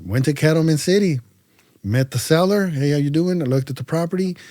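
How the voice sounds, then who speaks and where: A man from California's Central Valley, a podcast guest telling stories in a casual way, acting out both sides of his conversations with lively voices and often stumbling over and repeating his words. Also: fairly high pitch, fairly quick, dry recording, studio quality. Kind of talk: casual storytelling.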